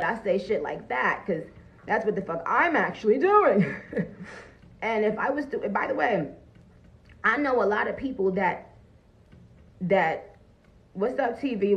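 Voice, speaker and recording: A woman's voice: mid-range voice, dull audio. A woman chatting bluntly and profanely on a phone livestream, greeting viewers as she talks. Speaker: livestream host. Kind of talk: casual livestream chat. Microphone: phone camera.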